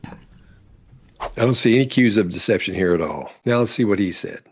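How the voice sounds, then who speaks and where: A man's voice: lowish voice, expressive, moderate pace, a little hiss or hum. A man commenting on courtroom testimony as a body language analyst, explaining in an instructive way. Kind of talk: commentary over courtroom clips.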